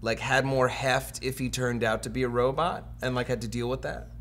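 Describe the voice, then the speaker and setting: A young man co-hosting a casual review chat, talking animatedly and fast with lots of filler words. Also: medium pitch, steady tone, a bit bright, slight background noise. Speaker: podcast co-host.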